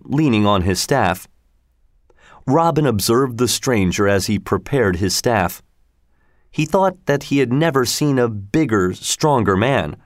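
Male narrator, storybook reading, unhurried, lively pitch, dry close sound. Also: no echo.

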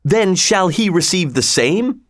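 A man voicing an eager, loyal male outlaw lieutenant who speaks with excited urgency in a high, raised voice. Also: a little slow, no echo, studio quality.

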